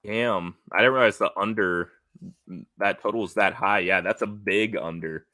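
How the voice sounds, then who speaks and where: A man's voice: on the low side, fairly even intonation, moderate pace, bright, forceful tone, dry recording. A man with a Midwestern accent in a casual sports betting chat, easygoing, rambling and self-mocking. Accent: Midwestern American.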